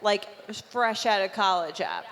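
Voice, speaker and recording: A woman's voice: mid-range voice, unhurried, fairly bright tone. A woman co-hosting a live comedy podcast, tossing in dry, wry asides. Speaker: podcast co-host. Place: theater stage before a live audience. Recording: reverberant live venue.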